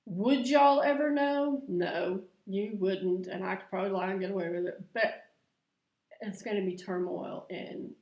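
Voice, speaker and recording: A woman's voice: mid-range voice, measured pace, a little mellow, lo-fi sound. A middle-aged woman, chatting to camera in a confessional vlog and laughing often. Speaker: vlogger. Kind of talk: casual vlog chat to camera. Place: room at home. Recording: echoey room.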